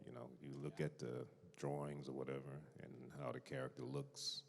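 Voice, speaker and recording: A man's voice: extremely low pitch, flat delivery, normal speed, vocal fry. An older man speaking on a convention panel in a dry, joking, laid-back way. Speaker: voice actor panelist. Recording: long hall reverb.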